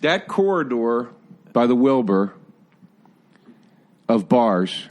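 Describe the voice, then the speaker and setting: A man on a podcast tells stories in an excitable way and laughs often. His pitch swings up and down a lot as he talks. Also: slow. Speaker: podcast guest. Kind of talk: casual chat.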